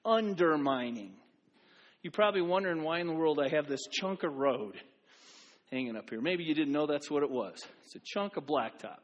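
High-pitched man preaching in a reverberant church. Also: normal speed, dull audio. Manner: animated, repeats phrases for emphasis, acts out quoted voices. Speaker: pastor. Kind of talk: sermon. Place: church sanctuary.

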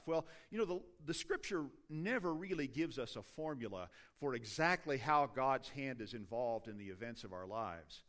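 A middle-aged man preaching a sermon from the pulpit. He talks in a conversational, self-deprecating way, breaking off and restarting his sentences as he goes. His voice sits at an ordinary, mid-range pitch. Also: lively intonation, normal speed, hardly any pauses. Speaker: pastor.

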